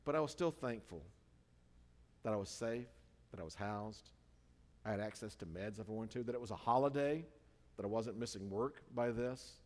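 A man's voice: on the low side, darkish tone. A man delivering a sermon in a conversational, informal way, full of fillers and self-corrections. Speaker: preacher. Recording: reverberant hall.

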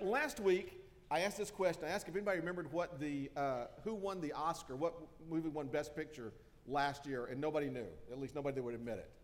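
Male pastor, casual joking delivery full of fillers, reverberant sanctuary sound. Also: a little high. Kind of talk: conversational sermon. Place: church sanctuary.

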